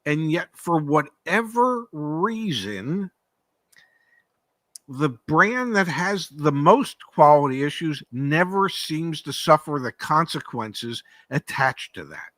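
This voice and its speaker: On a laid-back podcast about car sales, a former dealership operator co-hosts with a voice on the high side that swings widely in pitch. He talks slowly with a slightly bright tone, stressing points through repetition and rhetorical questions, in a dry recording.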